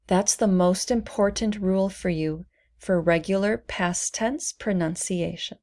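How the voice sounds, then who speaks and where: A woman's voice: mid-range voice, a little slow, warm tone. A young adult woman teaching English pronunciation, saying each word twice and articulating every sound carefully. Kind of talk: slow, deliberate pronunciation lesson.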